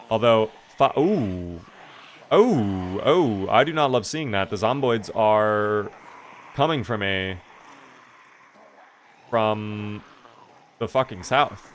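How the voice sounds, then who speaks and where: A man's voice: lowish voice, fairly bright tone. A young man commenting casually on a live game stream, joking, swearing and answering chat as he plays. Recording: noisy stream audio with clicks.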